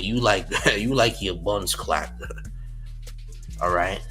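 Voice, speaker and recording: Guy on a livestream roasting people, low voice but bright and punchy, faint music in the back. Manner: taunting, mocking, laughs often. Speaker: live-stream commentator. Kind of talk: casual live-stream chat.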